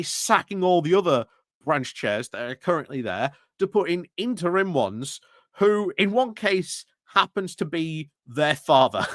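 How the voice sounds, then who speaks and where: The host of a political commentary channel runs a casual livestream, chatty and wry. His voice is a little high with no echo, and his speech is full of filler words and self-corrections.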